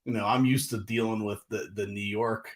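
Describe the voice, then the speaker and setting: A man, hosting a casual livestream with animated, exasperated talk full of fillers. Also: on the low side, normal speed. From Northeastern US. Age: 40s. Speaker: livestream host.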